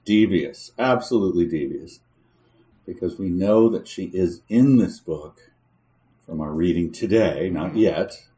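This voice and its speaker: A man's voice: sits low, measured pace, dark tone, reverberant. A man co-hosting a podcast, chatting casually with wry, mock-exasperated exclamations. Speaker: podcast co-host guessing real or fanfic.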